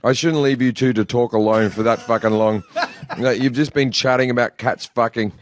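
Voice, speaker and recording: A man's voice: medium pitch, fairly even intonation, normal speed. A man hosting a podcast, joking and swearing freely in casual banter. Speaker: show host.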